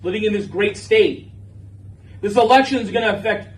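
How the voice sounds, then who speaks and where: A man's voice: sits high, moderate pace, distant mic, rough recording. A man lecturing a class in an impassioned, preachy way, with frequent swearing. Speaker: teacher.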